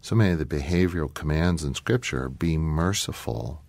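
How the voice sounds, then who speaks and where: A man co-hosting a Christian talk show, thoughtful and often pausing with ums as he draws on Scripture. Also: extremely low pitch, creaky, a little mellow, no room sound. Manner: thoughtful, pauses with many ums, quotes Scripture. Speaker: co-host.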